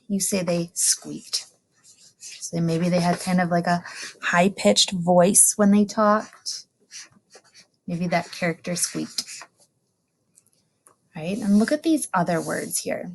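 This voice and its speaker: An elementary school teacher gives a recorded lesson to young students, saying each new word slowly and clearly twice and exclaiming with delight. Her voice is lowish and a little mellow.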